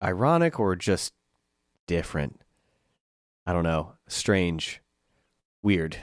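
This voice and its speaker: A man's voice: deep voice, very animated, slow pace, dry recording, studio quality. A man co-hosting a podcast in casual chat, dropping wry one-liners. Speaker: podcast co-host.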